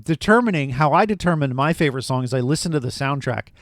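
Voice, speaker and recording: A man's voice: mid-range voice, lively intonation, quick pace, dry recording, studio quality. A man co-hosting a podcast, chatting eagerly about a film and rambling with fillers. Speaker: podcast co-host. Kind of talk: casual movie review chat.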